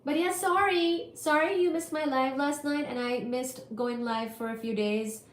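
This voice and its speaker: A woman's voice: high voice, fairly even intonation, normal speed. A woman hosting a physics livestream, chatting with viewers in an apologetic way while still getting over an illness. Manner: chatty and apologetic, reads viewer comments aloud. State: recovering from illness. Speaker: livestream host teaching physics. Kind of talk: casual livestream chat with viewers. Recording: echoey room with faint ambience.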